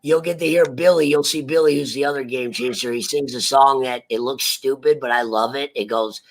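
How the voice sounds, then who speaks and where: A man chatting excitedly on a livestream, swearing and jumping between topics. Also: mid-range voice, normal speed, hardly any pauses. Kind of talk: casual livestream chat.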